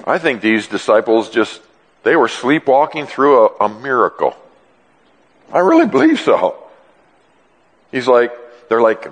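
A male pastor preaching a sermon in an animated, joking way, often acting out dialogue. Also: medium pitch, measured pace, pauses often. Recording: long reverb in a large hall.

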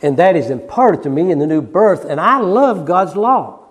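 A male preacher with a high voice delivers a sermon in a church sanctuary with a long, ringing reverb. He swings from loud, rapid bursts of emphasis to hushed, slow passages. He drives each point home by repeating it. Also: expressive, slightly rough. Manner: repeats key phrases for emphasis. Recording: long reverb of a large hall.

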